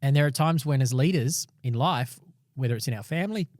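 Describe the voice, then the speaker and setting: A man's voice: medium pitch, fairly quick, a little mellow, no echo, clean studio sound. A man co-hosting a podcast, readily agreeing and drawing practical life lessons from a Bible passage. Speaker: podcast co-host. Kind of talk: casual Bible discussion.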